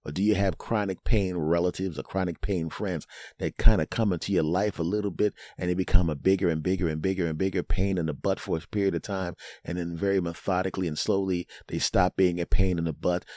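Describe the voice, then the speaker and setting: A man's voice: low voice, mellow, no room sound, clean studio sound. A man hosting a comedic podcast monologue, rambling through jokey asides and often tossing in a "right?". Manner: rambling, keeps asking "right?". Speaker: podcast host.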